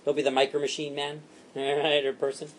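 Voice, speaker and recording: A man training a sales team, animated and repetitive, acting out what to say to customers. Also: fairly high pitch, a little hiss or hum. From Italian heritage. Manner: animated, fast and repetitive, acts out customer lines.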